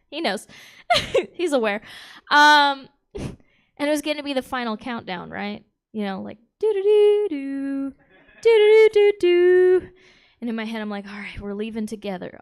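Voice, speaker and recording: A woman's voice: on the high side, a bit bright. Giggly woman doing candid stand-up. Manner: giggly, candid, crowd-work. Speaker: stand-up comic. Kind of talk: stand-up comedy set. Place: live comedy stage.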